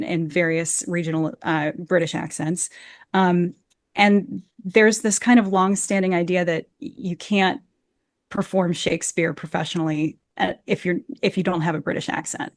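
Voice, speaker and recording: This American actor and Shakespeare coach has a lowish voice with a steady tone, moving at a moderate pace. She is being interviewed conversationally over a video call from her home, talking with earnest passion and frequently repeating words at the start of phrases. The sound is studio quality with no echo.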